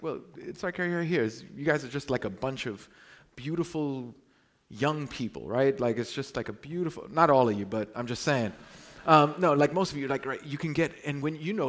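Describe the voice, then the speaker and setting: Young male preacher from Brooklyn, mid-pitched voice, animated sermon delivery that swings from loud to hushed. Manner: animated storytelling, swings between loud exclamations and hushed lines.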